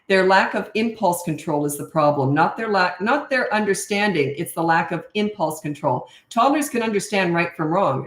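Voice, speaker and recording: A middle-aged woman hosting a casual live Q&A as a parenting coach. She reads out viewer questions and answers them frankly and chattily into a camera mic. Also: fairly low pitch. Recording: roomy echo.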